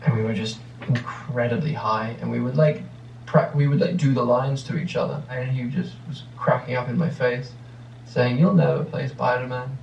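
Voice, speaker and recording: A man's voice: mid-range voice, level tone, normal speed, vocal fry, darkish tone, reverberant, far from the mic, lo-fi sound, a little hiss or hum. A man in his thirties with an English accent, answering questions in a rambling, reflective way with many restarts. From England. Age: 30s. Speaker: actor answering fan questions. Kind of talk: casual interview answers.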